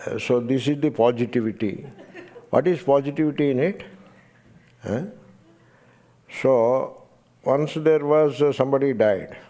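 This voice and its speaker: A man's voice: medium pitch, a little slow, long pauses, warm tone. An older man with an Indian English accent, giving a satsang talk. He tells a story with emphasis and chuckles often as he goes. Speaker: swami teaching Vedanta.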